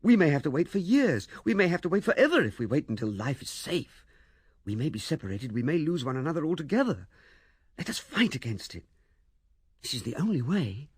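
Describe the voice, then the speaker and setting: A man's voice: on the high side, big pitch swings, fairly quick, husky, no room sound, voice pushed up. A man playing an urgent, earnest young suitor. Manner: pressing, insistent. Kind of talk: audiobook character voice.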